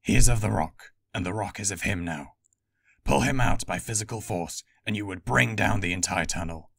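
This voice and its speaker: A man voicing a gruff, stubborn male stone warrior who talks bluntly and sarcastically. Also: fairly low pitch, normal speed, fairly bright tone, full character voice. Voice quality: gravelly, husky.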